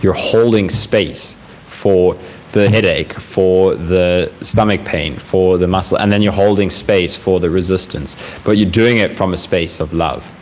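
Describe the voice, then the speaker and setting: Answering viewer questions on a calm, casual livestream, this low-voiced host sounds gentle and reflective, moving through unhurried phrases with frequent fillers. He's in a room at home where a fan hums faintly. Recording quality is low.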